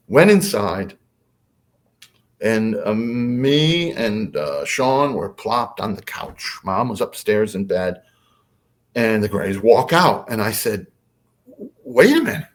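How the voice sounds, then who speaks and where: Brief: male podcast guest, casual storyteller, lively swooping intonation. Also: mid-range voice. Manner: animated, acts out quotes.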